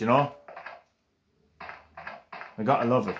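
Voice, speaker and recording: A man giving chatty, excitable commentary while he plays a game. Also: mid-range voice, normal speed, a little hiss or hum, rough recording. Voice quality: chatty, excitable, swears casually. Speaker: gameplay commentator. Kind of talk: casual gameplay commentary.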